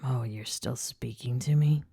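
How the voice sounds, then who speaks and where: A woman voicing a mischievous young man in an audiobook, speaking low and half-whispered with quiet amusement. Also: a little slow, gravelly, breathy edge, dry recording, clean studio sound, full character voice. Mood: teasing.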